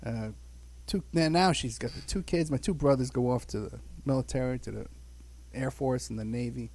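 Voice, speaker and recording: Speaking at a moderate pace with a darkish, mid-range voice, a man in his sixties from the Bronx, New York, tells meandering tales of growing up. It's a casual podcast chat, full of chuckles and frequent "you know"s.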